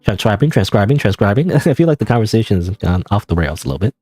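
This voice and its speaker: Quick-paced and lively in intonation, this young Canadian streamer has a mellow voice on the low side, with soft music playing behind him. His game commentary is casual and rambling, self-mocking, and full of restarts.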